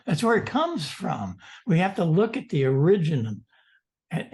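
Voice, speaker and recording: Older male guest speaker, husky tone, lively yarn-spinner on a video call. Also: on the high side, slow pace. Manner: animated, storytelling, mock-indignant asides. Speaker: guest presenter.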